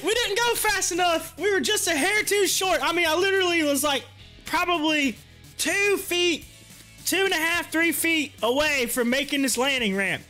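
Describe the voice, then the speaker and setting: A man hosting a livestream, telling a story in animated casual chat, laughing often and acting out what people said. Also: very high voice, normal speed, soft background music. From rural area. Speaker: livestream host.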